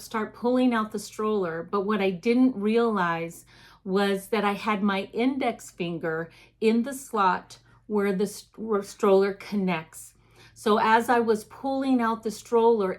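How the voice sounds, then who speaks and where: An older woman shares a personal testimony as host of a ministry video. She tells it earnestly and plainly, and at times she acts out her own calls for help. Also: medium pitch.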